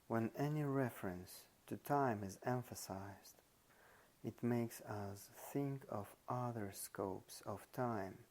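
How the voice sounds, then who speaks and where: A man reading a nonfiction audiobook aloud, slow and deliberate, leaning on the example words he stresses. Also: fairly low pitch, darkish tone. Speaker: audiobook reader.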